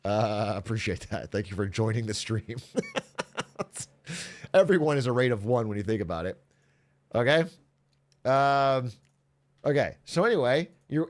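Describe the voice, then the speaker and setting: Animated man recapping a show. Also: medium pitch. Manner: animated storyteller, acts out characters, laughs often, swears. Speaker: streamer. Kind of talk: casual recap to chat.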